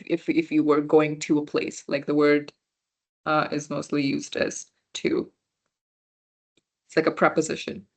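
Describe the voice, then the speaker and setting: A woman running a casual online beginner class, chatting with students, answering their chat messages and correcting herself as she goes. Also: low voice. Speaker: volunteer French workshop teacher.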